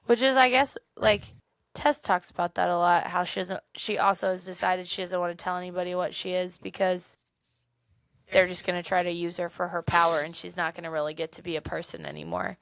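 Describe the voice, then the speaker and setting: A woman co-hosting a podcast, chatting casually and retelling events in an animated way with frequent laughs. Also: on the low side, brisk, no echo, studio quality. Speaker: podcast co-host. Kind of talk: casual book-club chat.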